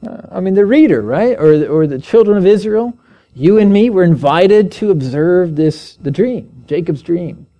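A man's voice: expressive, moderate pace, warm tone. A man preaching an evening Bible teaching, speaking earnestly and asking his listeners questions as he reads scripture aloud. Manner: earnest, asks the listeners questions, raises pitch when reading scripture aloud.

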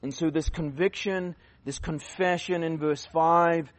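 Male youth preacher, conversational and rambling, slightly high voice, punchy then hushed. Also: fairly even intonation, unhurried. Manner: conversational, rambling with restarts and fillers; swings from loud emphasis to quiet asides. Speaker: youth conference speaker. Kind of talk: sermon.

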